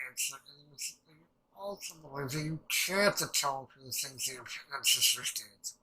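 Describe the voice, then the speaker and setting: A young man rambling excitedly through a casual reaction commentary, swearing freely and restarting his sentences. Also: medium pitch, normal speed, low-quality recording. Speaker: anime reaction channel host.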